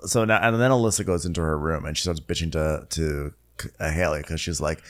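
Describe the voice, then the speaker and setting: A man's voice: extremely low pitch, a little fast. A man co-hosting a podcast, drily recounting reality-show drama in casual chat. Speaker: podcast co-host.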